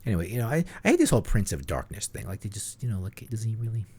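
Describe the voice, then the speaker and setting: A man's voice: on the low side, big pitch swings, rapid-fire, a little mellow, husky. A man co-hosting a casual metal podcast, joking and rambling with many fillers. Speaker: podcast co-host. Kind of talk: casual chat.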